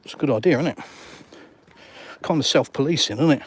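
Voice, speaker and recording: A man's voice: medium pitch, fairly quick, slightly rough. A middle-aged English man on a casual outdoor walk-and-talk live stream, bluntly and sarcastically reading out viewer comments and firing back at them. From England. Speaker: vlogger answering live chat. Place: outdoors on a seafront.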